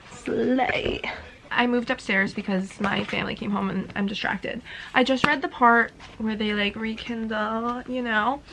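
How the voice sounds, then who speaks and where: A young woman with a fairly high voice talks through a book as she reads it, reacting with strong feeling and leaning on "like" all the time. She is in a casual reading vlog, recorded in a room at home with a faint hum of ambience behind her. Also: bright, forceful tone, poor audio. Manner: emotional running reactions full of "like". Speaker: book vlogger.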